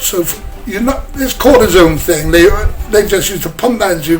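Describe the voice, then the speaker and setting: A man's voice: high voice, lively intonation, brisk, over music, poor audio. An older English man, a former footballer, telling chatty anecdotes in an interview and slipping into other people's voices. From England. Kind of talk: casual storytelling interview.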